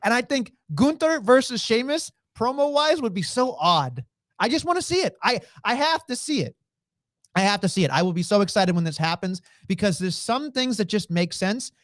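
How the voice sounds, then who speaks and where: A podcast co-host in a casual wrestling chat, talking in an animated, excitable way with lots of fillers. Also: mid-range voice, moderate pace, no room sound, studio quality.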